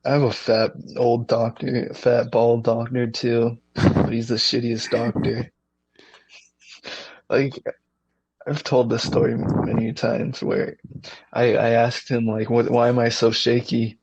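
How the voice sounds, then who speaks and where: A man's voice: mid-range voice, level tone, takes it slowly, vocal fry, darkish tone, breathy edge, no room sound, dull audio. A young man in casual podcast chat, joking and wry. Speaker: podcast co-host.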